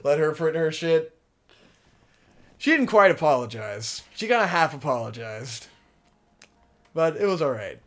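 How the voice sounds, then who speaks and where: A man's voice: on the high side, big pitch swings, a little slow, pauses often. A young man casually telling a long story on a podcast, rambling and swearing, with a lot of "like" fillers. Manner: rambling, profane, lots of "like" fillers. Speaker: podcast co-host.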